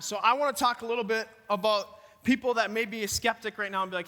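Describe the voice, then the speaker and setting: A man with a Minnesota accent preaching a lively youth sermon and talking straight to the room. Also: sits high, quick pace. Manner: energetic, talks to the room directly. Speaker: youth pastor. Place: church youth hall. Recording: long hall reverb.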